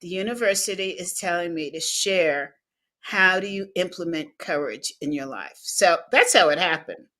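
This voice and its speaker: A woman's voice: fairly low pitch, moderate pace. A woman guest in an interview, telling personal stories and acting out the dialogue in them. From United States. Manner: animated storyteller acting out dialogue, laughing. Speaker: guest speaker. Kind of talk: interview storytelling.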